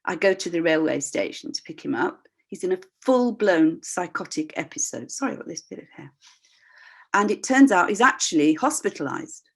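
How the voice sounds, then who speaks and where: Older woman telling an expressive, candid story. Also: lowish voice, normal speed, gravelly. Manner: expressive, acts out voices in her stories; candid, reflective, with frequent restarts. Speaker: voice practitioner and workshop leader. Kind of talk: personal storytelling talk. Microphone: video call.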